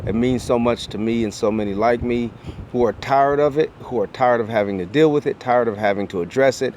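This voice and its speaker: A man's voice: on the low side, a little mellow, slight background noise. Earnest middle-aged man telling a story. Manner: earnest, builds with repeated phrases like a preacher. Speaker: educator and speaker. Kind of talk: personal storytelling vlog.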